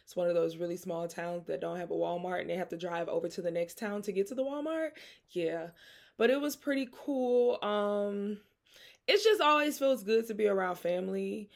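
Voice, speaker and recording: Gravelly and mid-range, her voice moves at a moderate pace. She's a young woman from Mississippi with a Southern accent, keeping her podcast casual and chatty with plenty of laughter.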